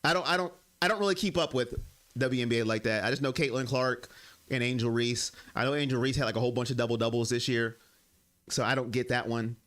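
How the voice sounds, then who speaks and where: A young man hosts a sports livestream, chatting casually and emotionally and speaking straight to his chat. His mid-range voice is fairly bright, with a steady tone and a quick pace.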